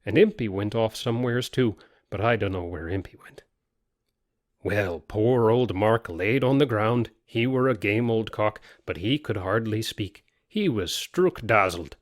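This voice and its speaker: A man's voice: on the low side, measured pace, no echo, studio quality. Man telling a rustic tale. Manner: lively rustic dialect storytelling. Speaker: narrator. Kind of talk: storytelling reading.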